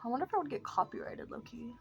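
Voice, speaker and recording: Young woman w a slightly high voice rambling thru her makeup, keeps getting sidetracked and roasting herself. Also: huge pitch swings, racing, gravelly, dull audio, faint music behind. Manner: rambling, self-mocking, drifting off topic. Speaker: vlogger. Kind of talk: casual chat while doing makeup.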